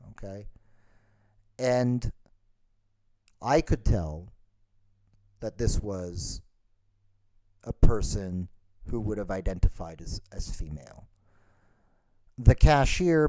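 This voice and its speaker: A man's voice: fairly low pitch, mellow, dry recording. A man hosting a podcast, ranting in an exasperated, sarcastic way. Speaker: podcast host. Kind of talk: ranting monologue.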